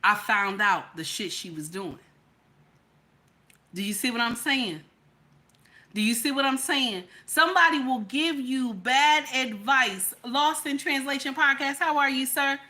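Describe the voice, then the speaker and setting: A woman's voice: high-pitched, unhurried, bright, forceful tone. A woman telling a personal story as relationship advice, emphatic and constantly checking in with her listeners. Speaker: vlogger giving relationship advice.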